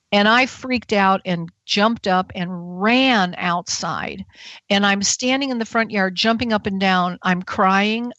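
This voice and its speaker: A woman's voice: medium pitch, fairly bright tone, no echo, lo-fi sound. A woman guest on a talk radio show, telling a personal story with animation and acting out her own frightened thoughts.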